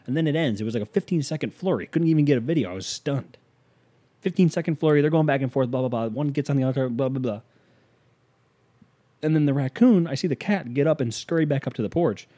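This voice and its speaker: Man, podcast host, casual rambling monologue, joking, mellow dark tone. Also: medium pitch, lively intonation, fast talker. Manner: rambling, joking, addresses listener directly.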